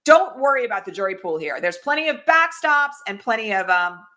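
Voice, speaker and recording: A woman's voice: on the high side, very animated, brisk, pushed and bright. A middle-aged woman hosting a political livestream, talking urgently and directly and asking the audience rhetorical questions. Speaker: political commentator and host. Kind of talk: livestream commentary.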